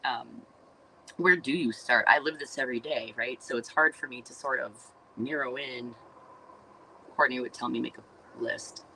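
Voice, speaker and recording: A woman's voice: rumbling low, moderate pace, pushed and bright, a little hiss or hum, poor audio. A woman from Wisconsin hosting a casual livestream, talking in a rambling, chatty way with lots of fillers and asides to her viewers. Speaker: livestream host and business owner.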